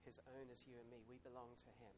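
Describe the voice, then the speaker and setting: A man's voice: medium pitch, level tone, fast, slight background noise. Chatty man preaching a sermon. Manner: conversational, warm storytelling with soft asides and chuckles. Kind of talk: informal sermon.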